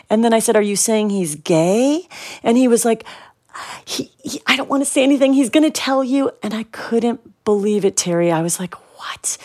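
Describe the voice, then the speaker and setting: A middle-aged woman in a radio interview, telling a personal story in an animated way and acting out the voices she quotes. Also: mid-range voice, dry recording, studio quality. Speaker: interview guest.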